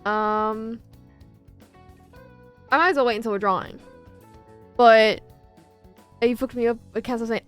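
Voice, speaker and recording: A woman's voice: fairly high pitch, fairly even intonation, measured pace, pauses often, clear, resonant tone, soft background music. A young woman chatting casually and playfully to her stream audience as an artist.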